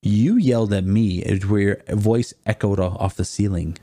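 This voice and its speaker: Young male co-host, lowish mellow voice, laid-back, defends himself in banter. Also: fairly even intonation, normal speed. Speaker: podcast co-host. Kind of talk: casual chat.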